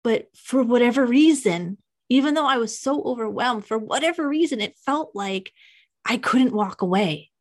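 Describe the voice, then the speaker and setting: A young woman hosting a podcast, telling a painful personal story in a halting, emotional confession. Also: a little high, lively intonation. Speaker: podcast host.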